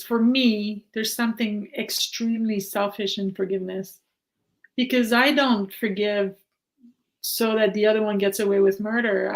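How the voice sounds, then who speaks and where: A woman's voice: mid-range voice, poor audio. Reflective middle-aged woman, podcast guest. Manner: reflective, animated, with restarts. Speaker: guest, mindset coach. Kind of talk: casual conversation.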